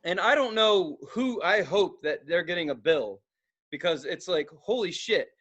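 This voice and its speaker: A young man with a high, bright voice spins rowdy stories on a podcast. He swears freely, acts out sudden yells and laughs at his own tales in loose, casual chat. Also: unhurried. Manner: profane, animated storytelling with acted-out outbursts and laughter. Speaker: podcast co-host.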